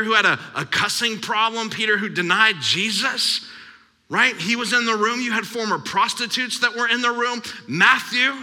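A man's voice: sits high, bright, forceful tone. A man in his thirties preaching a sermon as pastor, emphatic and repetitive. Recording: long hall reverb.

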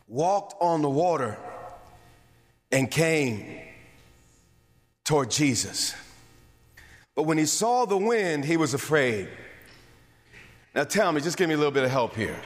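A man preaching a sermon as pastor, emphatic and rhythmic. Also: fairly high pitch. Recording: long hall reverb.

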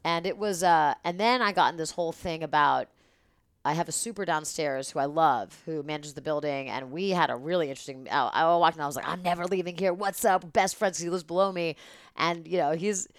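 Woman guest, low voice, dry close mic, rambling and profane storyteller. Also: a little fast, clean tone, no room sound. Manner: rambling, animated, swears freely. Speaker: podcast guest. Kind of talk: casual storytelling chat.

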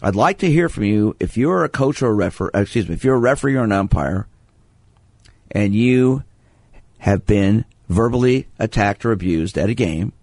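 A lower-voiced man hosts a sports radio call-in show. He tells stories at an easy pace, stumbling and restarting his sentences as he goes. He is from Brooklyn, and his voice sits close and dry on a studio mic. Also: animated, normal speed, darkish tone, no echo. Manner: anecdotal, restarts sentences often. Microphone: studio microphone.

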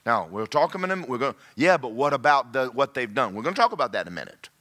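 A man preaches to his congregation, his voice swinging between loud, pressing lines and hushed asides. His pitch moves a lot, and his tone is bright and forceful. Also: big pitch swings, quick pace. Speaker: pastor. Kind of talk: sermon.

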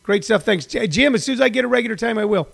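A man's voice: high-pitched, expressive, racing, creaky, breathy edge. A man in his sixties, a comedian hosting a daily livestream, rambling through stories with many fillers and restarts. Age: 60s. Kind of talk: casual rambling monologue.

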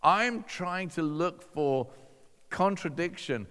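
With a slightly high, smooth, a bit bright voice, this man speaks slowly yet animatedly as he shares his personal testimony before an audience. His storytelling is conversational and self-mocking, sprinkled with dry asides, and the big hall adds long reverb.

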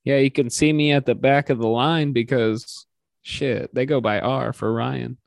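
A man's voice: medium pitch, steady tone, creaky, dry recording, studio quality. A man co-hosting a podcast, joking provocatively in a casual comedic chat. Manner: joking, provocative, quick to laugh. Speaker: podcast co-host.

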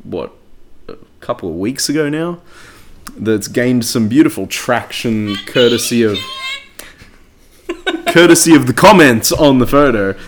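A man's voice: medium pitch, expressive, measured pace, pauses often, background noise. Brief: man, casual banter, reads comments aloud. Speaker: podcast co-host. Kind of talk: casual chat.

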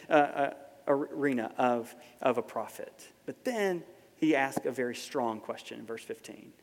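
A man preaching a sermon in a casual, conversational way, dropping soft and then rising to emphatic. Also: fairly high pitch. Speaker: pastor. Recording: long hall reverb.

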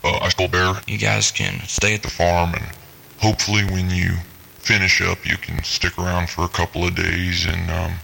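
A man voicing a robot that mimics an old grandpa, leaving a halting, rambling message that repeats itself. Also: deep voice, completely flat delivery, sharp tone, slight background noise, full character voice, poor audio. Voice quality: gravelly, halting, repeats words.

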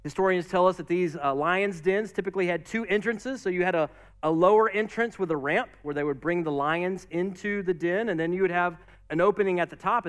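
A man preaching a sermon as pastor, lively and casual, acting out quotes and asides. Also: high voice, smooth.

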